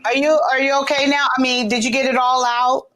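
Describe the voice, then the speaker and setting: A woman hosting a casual talk show, teasing and calming a caller. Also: sits high, brisk, no room sound, low-quality recording. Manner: teasing, calming, laughs often. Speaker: host. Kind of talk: casual chat.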